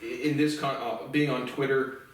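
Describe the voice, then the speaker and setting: A man's voice: medium pitch, flat delivery, a little slow. A man giving a profane, rambling and indignant solo commentary. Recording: very echoey room, mic far off.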